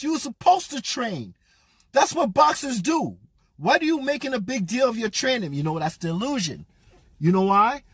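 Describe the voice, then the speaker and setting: High-pitched husky man ranting. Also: sing-song, normal speed, no echo. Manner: blunt, profane, mocking. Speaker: boxing commentator. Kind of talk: casual rant commentary.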